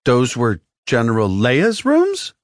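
A man's voice: wildly swooping pitch, slow, no echo, studio quality. A man voicing a nervous young male recruit who stammers when flustered, in an audiobook. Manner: stammering, flustered, rising pitch. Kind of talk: audiobook character voice.

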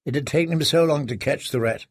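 Male audiobook narrator, measured and grave, dry close recording. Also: on the high side, slightly rough, no room sound.

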